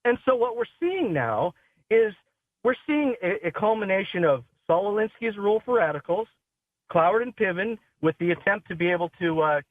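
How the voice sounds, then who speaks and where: A man's voice: sits high, animated, normal speed. A male caller on a talk radio show, lecturing emphatically in a preachy way over a phone line.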